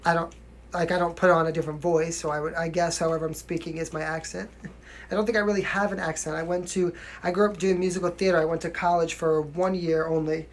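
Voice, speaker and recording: A man's voice: on the high side, flat delivery, fast talker, slight background noise. Chatty young man, mild New York accent. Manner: chatty, frequent "you know what I mean", laughs often. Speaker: singer answering viewer questions. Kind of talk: casual livestream chat.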